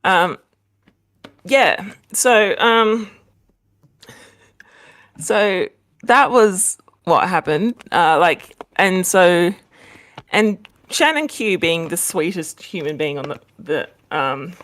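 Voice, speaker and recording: Australian woman guest, low-ish pitch, chatty and rambling, laughs often, video call from home. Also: drawn-out words, long pauses, fairly bright tone. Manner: rambling, laughing, many fillers. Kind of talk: casual chat. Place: home, next to the kitchen.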